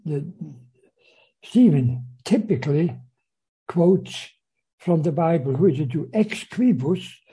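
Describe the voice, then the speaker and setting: A man's voice: on the high side, takes it slowly, pauses often, mellow, breathy edge, rough recording. A man lecturing on a novel, hesitating with frequent fillers and restarts as he reads passages aloud. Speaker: literature lecturer.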